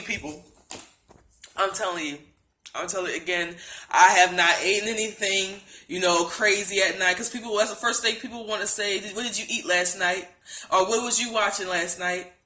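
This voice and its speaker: A woman's voice: mid-range voice, bright, forceful tone, roomy sound. A woman, emotionally recounting a religious dream, close to tears, pleading and repeating herself. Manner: earnest, repetitive, pleading, many restarts. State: heart racing, close to tears. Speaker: vlogger sharing a religious dream. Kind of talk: emotional testimony to camera.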